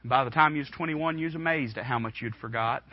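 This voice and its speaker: Impassioned young preacher, dull recording. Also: male voice, medium pitch, fast. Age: 20s. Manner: impassioned, swings from hushed to shouting. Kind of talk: sermon. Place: church room.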